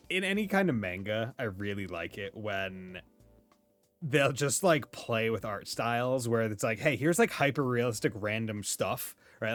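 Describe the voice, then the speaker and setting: A young man hosting a game playthrough, joking around, laughing a lot and using casual slang. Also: medium pitch. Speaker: let's play host. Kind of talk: gameplay commentary. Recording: dry close mic with faint game music.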